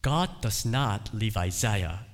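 A male pastor preaching a sermon, emphatic, repeating his phrases and swinging between loud cries and quiet asides. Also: lowish voice, lively intonation, slow. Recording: long hall reverb.

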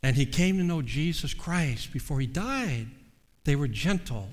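A man preaching a sermon, measured and earnest, slowing down to stress key words. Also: on the high side, animated. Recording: long reverb.

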